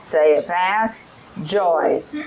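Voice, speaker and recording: Slow-talking woman training teachers. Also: fairly low pitch, a little mellow, poor audio. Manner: directive, repeats instructions, models phonics drills aloud. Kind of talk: instructional training session.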